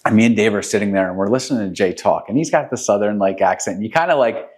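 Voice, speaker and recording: A man's voice: lowish voice, fast talker, a little mellow. Rambling man telling a story. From New York City. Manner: rambling, self-correcting with many ums. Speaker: podcast co-host, real estate agent. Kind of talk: casual storytelling chat.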